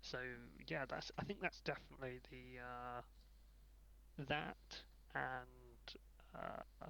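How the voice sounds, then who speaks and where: A man's voice: mid-range voice, steady tone, takes it slowly, creaky, pushed and bright, low-quality recording. A man playing in a tabletop game, describing his character hesitantly with many fillers. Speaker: player. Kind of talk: casual tabletop session planning.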